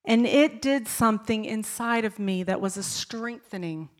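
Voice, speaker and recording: A middle-aged woman pastor delivering a sermon at a church service, her voice sitting a touch high. She leans hard on repeated phrases, then falls soft and hushed when she turns personal. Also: normal speed. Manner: emphatic, repeats key phrases, drops to a near-whisper in personal moments.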